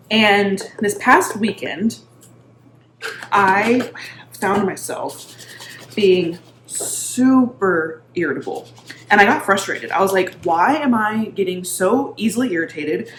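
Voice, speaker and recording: A woman's voice: medium pitch, expressive, takes it slowly, long pauses, fairly bright tone. A woman in her thirties, a mindset coach talking casually to camera with many fillers. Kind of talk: casual talk-to-camera vlog. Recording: echoey room with faint background noise.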